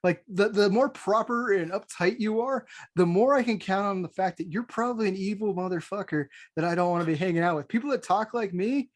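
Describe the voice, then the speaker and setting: A man's voice: high voice, a little fast, few pauses. An American man co-hosting a podcast, talking bluntly and swearing freely, with frequent laughs. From United States. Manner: blunt and profane, laughs often. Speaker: podcast co-host. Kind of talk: casual chat.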